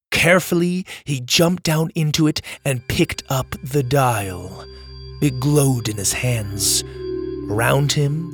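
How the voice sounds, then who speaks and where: Narrating a children's adventure story, a man reads in a measured, dramatic storytelling style. His voice is mid-range and a bit bright, and the recording is dry.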